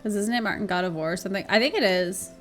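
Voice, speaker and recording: A chatty woman streamer talks through her game to her viewers, giggling often and swearing now and then. Her voice sits in a middle pitch, with faint music playing behind her. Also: rapid-fire, fairly bright tone. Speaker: live streamer. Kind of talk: casual chat while gaming on stream.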